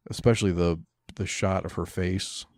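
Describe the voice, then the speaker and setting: A man's voice: low-pitched, steady tone, normal speed, darkish tone. A man co-hosting a podcast, talking casually about comics in a blunt, cynical, profane way. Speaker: podcast co-host. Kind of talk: casual comic-book review chat.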